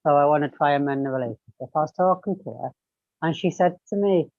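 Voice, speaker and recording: A man in a casual group chat over a video call, giving a steady, reflective personal account. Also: on the high side, quick pace, no room sound, phone-quality sound.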